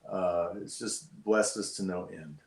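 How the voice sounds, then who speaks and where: A man's voice: low-pitched, fairly even intonation, a little slow, reverberant, rough recording. A man joining a livestream as a guest, speaking earnestly about faith. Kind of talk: casual video call chat.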